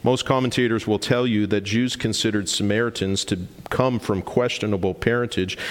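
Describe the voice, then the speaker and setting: A man preaching a sermon as pastor, earnest and emphatic, slowing down and repeating lines for stress. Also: mid-range voice. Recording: long reverb of a large hall.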